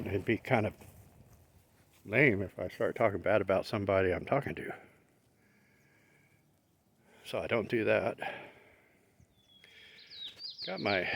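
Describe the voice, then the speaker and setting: A man's voice: fairly low pitch, gravelly. A middle-aged man rambling in a casual vlog while out walking his dog, opinionated and plain-spoken. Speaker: vlogger.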